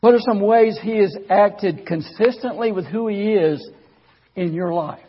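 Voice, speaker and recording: A man with a high, husky voice preaches in a church, sharing his testimony in a folksy, chatty way and often stumbling over his first words. The audio is dull and lo-fi. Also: a little slow, big-room sound. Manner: folksy, conversational storytelling with stammered restarts. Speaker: guest preacher. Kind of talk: sermon with personal testimony.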